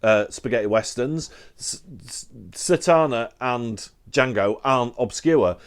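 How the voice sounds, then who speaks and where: A British man talks to his camera in an easy, unhurried way. He rambles and trips over his words, cutting in on himself with wry, self-deprecating asides. His voice sits at an everyday pitch. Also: clear, resonant tone. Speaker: book collector vlogger. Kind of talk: casual chat to camera.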